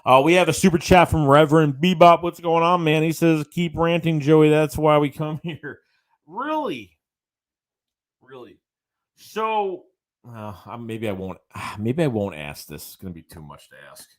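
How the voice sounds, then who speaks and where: A man's voice: on the high side, expressive, normal speed, few pauses. A man hosting a late-night sports livestream, ranting about his team and reading viewer chats aloud in a casual way. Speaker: livestream host.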